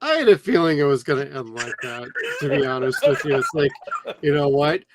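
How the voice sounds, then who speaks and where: A man's voice: medium pitch, expressive, fairly quick, a loud crowd. A man co-hosting a podcast, chatting casually and enthusiastically, rambling a little as he reviews a cartoon series. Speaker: podcast co-host. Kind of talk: casual chat.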